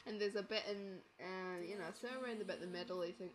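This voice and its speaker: A woman's voice: medium pitch, fairly even intonation, fast talker, hardly any pauses, over music. A woman vlogger giving a casual, rambling movie review in a chatty, self-deprecating way.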